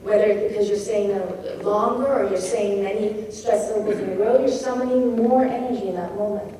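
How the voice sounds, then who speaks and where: A woman poet giving a craft talk on rhythm, thoughtful and demonstrative, reading verse slowly and expressively. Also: medium pitch, mellow. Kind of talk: lecture on poetic rhythm. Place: lecture hall at a poetry festival. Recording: echoey hall taped from far off with faint hiss.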